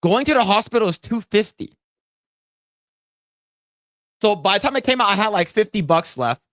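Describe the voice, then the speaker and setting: This co-host's high-pitched voice moves at a moderate pace with lively intonation and a slightly bright quality. He rambles through a gaming story on a podcast, laughing frequently and leaning on fillers in casual chat. Clean studio audio, no echo.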